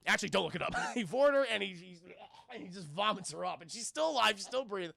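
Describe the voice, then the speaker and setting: Gravelly, animated young male streamer. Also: high-pitched, fast talker. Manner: animated, crude and joking, keeps addressing chat. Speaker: streamer reviewing cartoons. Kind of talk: casual live-stream recap.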